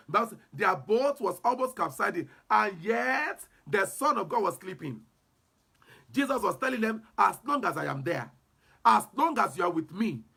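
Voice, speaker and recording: A man's voice: sits high, vocal fry, bright, forceful tone, husky. A man preaching a fervent sermon and leading prayer, repeating declarations and breaking into tongues. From Nigeria. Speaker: apostle and preacher.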